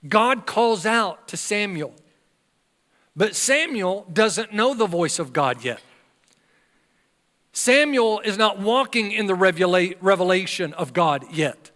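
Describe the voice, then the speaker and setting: Older preacher man, high bright voice, acts out the bible story, big echoey church hall. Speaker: pastor. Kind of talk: sermon. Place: church sanctuary.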